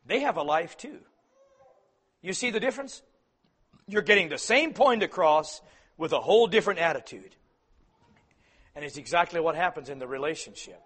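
Male preacher, high bright voice, sermon delivery moving between forceful emphasis and quiet asides. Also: lively intonation, moderate pace, long pauses, slightly rough. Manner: swings from loud emphatic peaks to soft quiet asides.

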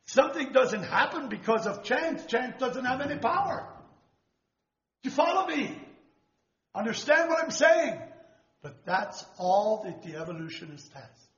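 A man's voice: extremely high pitch, big pitch swings, unhurried, fairly bright tone. Older man preaching a rambling sermon. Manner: rambling, searching for words, asks the listeners if they follow. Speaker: lay preacher. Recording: dull lo-fi recording in an echoey room.

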